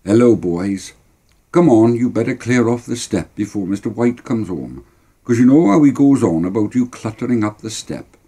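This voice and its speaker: A man voicing a kindly mother who gently scolds her son in a brisk way. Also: lowish voice, expressive, husky. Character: kindly working-class mother.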